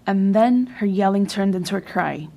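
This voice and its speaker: A woman reading a translated sermon in a measured way, with emphatic pauses. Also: mid-range voice, expressive, creaky, dark tone. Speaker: sermon reader.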